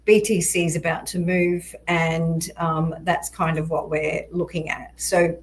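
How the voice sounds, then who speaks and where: A woman walking through crypto price charts in a measured, explanatory way, with frequent ums and a voice that is going hoarse. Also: sits low, flat delivery, low-quality recording. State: voice going hoarse, occasional coughs. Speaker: crypto market analyst. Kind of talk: chart analysis walkthrough.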